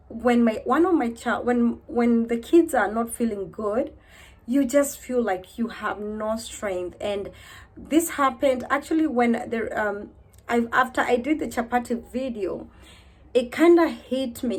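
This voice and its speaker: A woman in her thirties vlogging to camera in a casual, heartfelt way, weary and low, repeating herself as she talks of faith.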